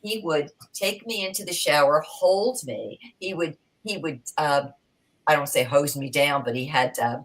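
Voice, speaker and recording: A woman's voice: sits low, measured pace, low-quality recording. A middle-aged woman telling a heartfelt personal story as a podcast panel guest, growing emotional and sometimes dropping to a whisper.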